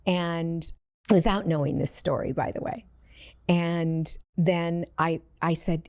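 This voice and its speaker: With a lowish, darkish, steady voice and a measured pace, a woman who works as an intuitive medium recounts personal stories as a podcast guest. She's earnest and performs the voices of the people in her tales. The recording is dry and clean, studio quality.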